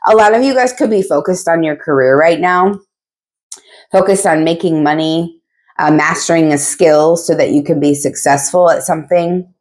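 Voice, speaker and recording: A woman's voice: deep voice, normal speed, a little mellow. A woman giving a casual tarot reading, talking in a blunt, chatty way with frequent asides and casual swearing. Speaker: tarot reader.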